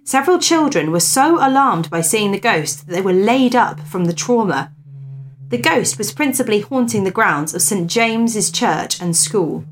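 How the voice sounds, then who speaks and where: A woman co-hosts a relaxed podcast, reading spooky old tales with dramatic stress on key words. She drifts easily into chat and giggles, her pitch sitting in a middle register. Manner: chatty, giggly, reads with dramatic emphasis. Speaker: podcast co-host. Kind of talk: casual chat, reading ghost stories aloud.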